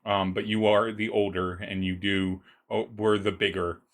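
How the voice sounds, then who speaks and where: A man narrating a tabletop roleplaying game as game master, describing scenes in a halting way with many restarts. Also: fairly low pitch, flat delivery.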